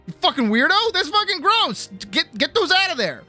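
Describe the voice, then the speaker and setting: A man's voice: very high voice, sing-song, normal speed, faint music behind, voice pushed up, exaggerated voice. A man doing a foul-mouthed, disgusted baker. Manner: loud, crude, swearing, sharp disgust. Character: crude, disgusted baker tasting bad cake.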